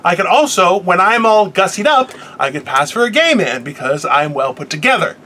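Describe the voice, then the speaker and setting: A man's voice: high voice, very animated, moderate pace, pushed and bright, a little hiss or hum. A man co-hosting a podcast in casual comedic chat, profane, boastful and self-mocking. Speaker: podcast co-host.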